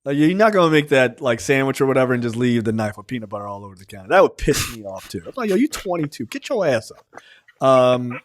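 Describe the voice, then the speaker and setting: A man's voice: mid-range voice, expressive, fast, hardly any pauses. A man reviewing a film on a podcast in a loose, rambling, profane way, full of ums and likes. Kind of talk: casual conversational film review.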